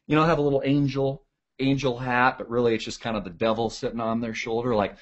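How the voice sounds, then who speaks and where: A man's voice: mid-range voice, fairly even intonation, fast. A man giving a sarcastic, ranting political commentary. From United States. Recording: dull lo-fi audio.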